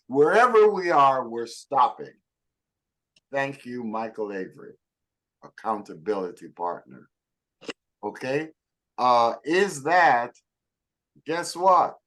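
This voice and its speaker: A middle-aged man gives a motivational talk to a group in an emphatic, preacher-like way, often calling out to listeners by name. He speaks slowly and deliberately, letting each point land. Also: medium pitch, a bit bright. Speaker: network marketing coach.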